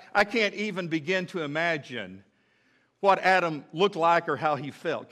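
A man's voice: high-pitched, bright, forceful tone. A man preaching a sermon as pastor, asking the congregation questions and building points with emphatic repetition. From United States.

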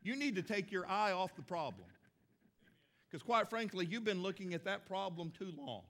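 A man's voice: sits high, animated, moderate pace, fairly bright tone. A middle-aged man preaching a sermon as a pastor, folksy and conversational with emphatic stresses.

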